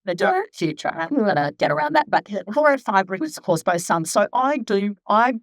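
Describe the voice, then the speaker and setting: A woman's voice: medium pitch, sing-song, brisk, no echo. A chatty woman in her fifties, a skin therapist talking casually at a live event, rambling with many asides. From Australia. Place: clinic event room.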